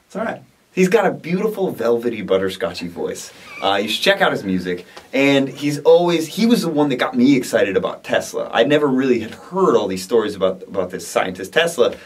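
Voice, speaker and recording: A man's voice: medium pitch, big pitch swings, fairly quick, breathy edge. A man co-hosting a casual studio chat, upbeat and rambling, restarting his sentences often. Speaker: co-host of a comedy rap video series. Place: their recording studio. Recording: voice a bit far from the mic.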